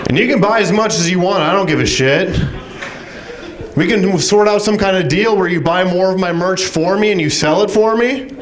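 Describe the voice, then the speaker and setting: A man's voice: sits high, normal speed. A man delivering a dry stand-up set on a club stage. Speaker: stand-up comedian.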